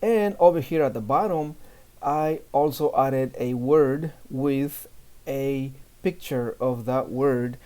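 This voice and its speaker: A male language teacher speaking very slowly and deliberately, with a mellow, dark tone. He drills each letter and word three times, pausing so beginners can repeat after him. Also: mid-range voice. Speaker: Spanish teacher.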